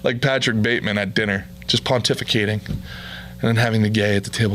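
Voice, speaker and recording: A man's voice: fairly low pitch, fairly even intonation, quick pace, a bit bright, a little hiss or hum. A man, a podcast host and comedian, ranting bluntly and profanely in a comedic monologue.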